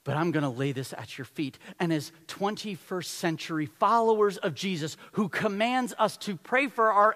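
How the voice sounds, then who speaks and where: A man preaching a sermon in a fairly high voice, telling the story with animated energy and briefly acting out the characters. His voice carries a long reverb, as if from a large hall. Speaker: pastor.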